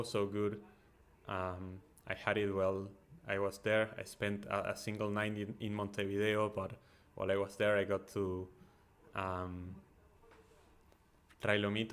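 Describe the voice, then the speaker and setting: A man hosting a football watchalong, giving excitable, chatty live commentary with frequent ums and uhs. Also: lowish voice. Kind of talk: casual live match commentary and chat.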